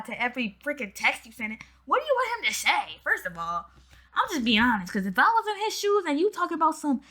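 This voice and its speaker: A woman riffing on camera in a loose, casual commentary style, leaning hard on slang and emphasis. Her voice sits high and carries a bright, sharp edge. She addresses her viewers directly throughout. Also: very animated, fast. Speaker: commentary YouTuber.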